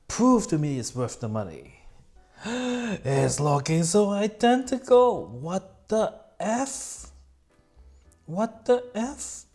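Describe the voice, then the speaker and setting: Chatty man with a mellow voice. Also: fairly high pitch. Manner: chatty storyteller acting out quoted people in raised voices. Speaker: vlogger. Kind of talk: casual rambling vlog chat. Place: at home near a computer.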